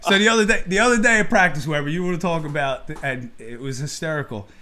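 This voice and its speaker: Animated middle-aged man telling stories. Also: on the high side, quick pace. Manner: animated storyteller who acts out quotes. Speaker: co-host and youth baseball coach. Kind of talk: casual chat.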